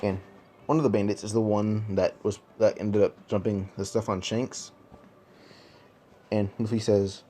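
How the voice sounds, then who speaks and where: A man's voice: fairly low pitch, steady tone, measured pace, long pauses, warm tone. A man casually telling a fan story, rambling with many fillers and repeated words.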